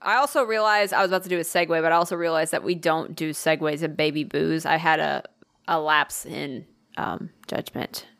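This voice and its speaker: A woman's voice: low-pitched, fairly even intonation, fairly quick, gravelly, fairly bright tone. A woman co-hosting a casual podcast, rambling and swearing freely with frequent laughs and restarts. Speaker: podcast co-host. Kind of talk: casual chat.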